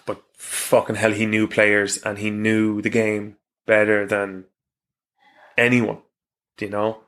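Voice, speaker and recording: Guy in his 30s, pretty flat monotone, blunt swearing storyteller. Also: lowish voice, slow. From Ireland. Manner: frank storytelling with swearing and laughs. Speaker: professional rugby player, guest. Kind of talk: casual interview chat.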